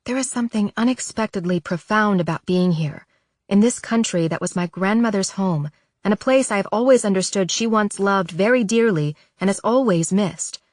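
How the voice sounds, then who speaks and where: A woman narrating a novel in the first person, measured, soft and reflective, at a close studio microphone. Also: mid-range voice, dry recording. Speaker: audiobook narrator.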